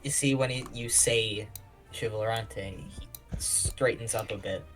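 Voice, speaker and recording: A man narrating a tabletop game as game master, describing the scene in a steady, searching way with frequent restarts. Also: mid-range voice, a little slow, faint music behind, low-quality recording.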